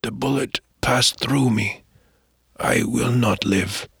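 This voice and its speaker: A man voicing a wounded, dying old tribal elder who speaks slowly, softly and haltingly in a storybook reading. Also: medium pitch, vocal fry, husky, no room sound, studio quality, full character voice. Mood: weak. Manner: slow, soft, halting speech.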